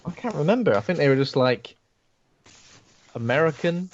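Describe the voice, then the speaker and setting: A man co-hosting a casual horror podcast, chatting in a relaxed way about films he watched. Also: on the high side, normal speed, highs cut off. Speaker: podcast co-host. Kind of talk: casual chat.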